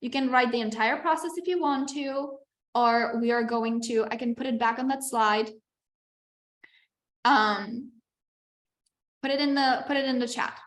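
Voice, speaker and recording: A woman with a fairly high voice leads a live online masterclass as a business coach. She speaks in a chatty, encouraging way and often checks in with her class. Her video-call audio has a roomy echo. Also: measured pace, long pauses. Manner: chatty and encouraging, with frequent "like" and "okay".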